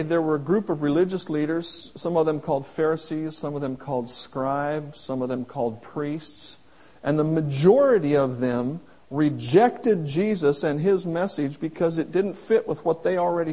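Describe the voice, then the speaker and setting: A man preaching a sermon in a folksy, plain-spoken way, slowing down to stress each scripture quote. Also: fairly high pitch, warm tone, poor audio. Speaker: pastor.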